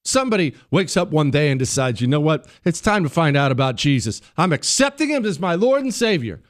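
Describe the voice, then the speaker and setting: A man's voice: a little high, big pitch swings, a little fast, no echo, clean studio sound. A man hosting a political talk radio show, speaking bluntly and combatively in a monologue. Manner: blunt, combative, mocks people in put-on voices; turns quiet and subdued when talking about the fallen.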